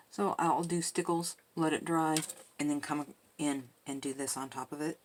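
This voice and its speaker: Soft-spoken low woman crafting and muttering. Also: slight background noise. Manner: soft-spoken, muttering to herself, self-deprecating. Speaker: crafting video host. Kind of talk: casual narration while crafting.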